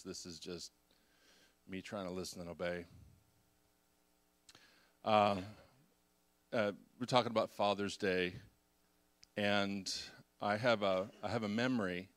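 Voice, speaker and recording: A middle-aged pastor preaching with a bright, forward voice. He tells his confessions in a storytelling way, dropping to a hush and then climbing into loud, lively bursts. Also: sits low. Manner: confessional storytelling, swings from hushed to loud and animated. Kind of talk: sermon.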